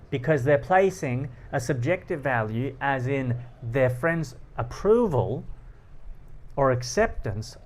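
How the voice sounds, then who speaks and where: A man of average pitch hosts a philosophy talk, walking through ideas with everyday examples from his own life. He is animated and laughs easily, often slipping into acted-out snippets of dialogue. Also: measured pace. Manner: animated, laughs often, acts out quoted lines. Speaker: philosophy channel host. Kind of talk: explanatory monologue with personal anecdotes.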